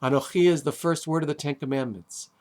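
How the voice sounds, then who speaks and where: A man, a rabbi, giving a sermon on the weekly Torah portion, deliberate with dramatic pauses and wry asides. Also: a little high, darkish tone. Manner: deliberate, with long dramatic pauses and emphatic stresses.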